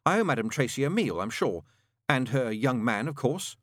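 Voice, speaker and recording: A man's voice: medium pitch, sing-song, normal speed, no room sound, clean studio sound. A man doing a prim, fussy angel. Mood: earnest. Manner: prim, polite. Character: fussy, genteel male angel, gentle and prim.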